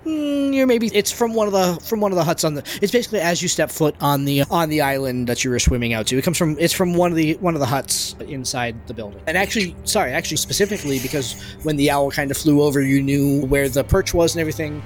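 A man's voice: fairly high pitch, fast talker, hardly any pauses, a little hiss or hum. A man acting as game master, describing scenes in a tabletop game with frequent restarts.

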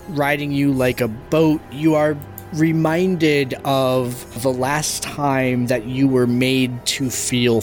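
A man acting as game master, describing scenes in a tabletop game with frequent restarts. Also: medium pitch.

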